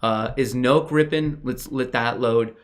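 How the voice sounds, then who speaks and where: A young man hosts a livestream in a casual, excitable way. He gushes over what viewers send in and talks right to them. His voice sits at an everyday middle pitch for a man. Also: unhurried. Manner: excitable, gushing, talks to chat directly. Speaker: livestream host.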